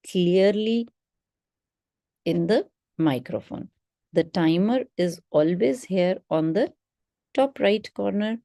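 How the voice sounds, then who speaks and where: A woman's voice: medium pitch, warm tone, dry recording, clean studio sound. A woman teaching test preparation in a webinar, in an instructive way that stresses key words. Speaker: English test prep teacher.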